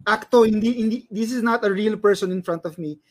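A man's voice: sits high, brisk. Analytical Filipino man in casual chat. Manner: analytical, explains carefully, stumbles over words. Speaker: stand-up comedian and IT worker, guest.

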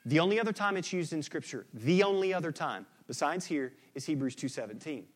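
A man preaching a sermon as pastor, swinging between loud emphatic bursts and quiet, hushed lines. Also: on the high side, animated, fairly quick.

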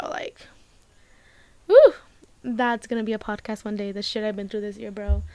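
A woman's voice: fairly high pitch, moderate pace, darkish tone, clear, resonant tone, no echo. A young woman talking casually and emotionally to her viewers, rambling with many fillers, close to tears. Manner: rambling, emotional, heavy use of "like", swears casually. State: tearful. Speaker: vlogger. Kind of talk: casual personal talk to camera.

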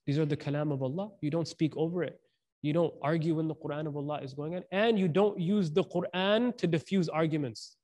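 A man giving a casual, animated sermon, telling a story in everyday slang and acting out the people in it. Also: a little high, fairly quick. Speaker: preacher.

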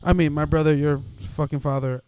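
A young man, telling a story to friends in a slangy, halting way and mixing in Spanish phrases. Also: fairly high pitch, fairly even intonation, darkish tone, clear, resonant tone. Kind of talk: casual storytelling among friends.

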